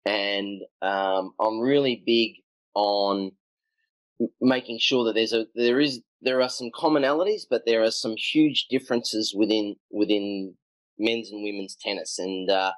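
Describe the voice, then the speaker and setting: Low-voiced man telling coaching stories. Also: no echo, low-quality recording. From Australia. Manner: animated anecdotes with acted quotes, frequent ums. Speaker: tennis coach, podcast guest. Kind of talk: conversational storytelling.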